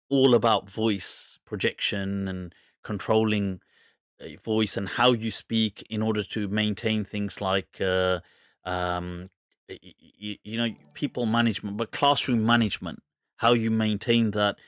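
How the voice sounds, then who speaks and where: A man's voice: fairly low pitch, smooth, no echo, clean studio sound. A British man hosting a live question-and-answer show, chatting loosely with frequent laughter and rambling asides, with an accent that is hard to place. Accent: mixed British English, hard to place. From England. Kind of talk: casual live Q&A chat.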